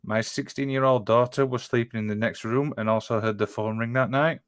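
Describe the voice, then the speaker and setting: A man's voice: medium pitch, fairly even intonation, a little fast, no room sound. A man co-hosting a casual podcast who reads listener stories aloud and exclaims often. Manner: exclaims often, trails off, restarts. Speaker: podcast co-host.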